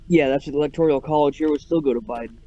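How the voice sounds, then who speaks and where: A man's voice: a little high, racing, dark tone. A man in casual chat, rambling with many fillers. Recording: dull lo-fi audio.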